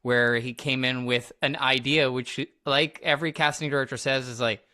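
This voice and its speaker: A man's voice: medium pitch, steady tone, normal speed, bright, forceful tone. A man hosting an interview, casual and enthusiastic, using "like" often and affirming his guest. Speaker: podcast host, interviewer. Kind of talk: interview conversation.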